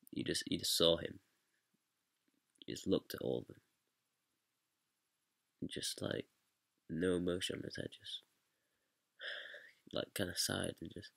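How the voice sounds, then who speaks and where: Very deep, gravelly, halting man. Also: no echo. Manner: rambling and hesitant, heavy with fillers. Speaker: student director. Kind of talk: casual explanation of directing a stage scene.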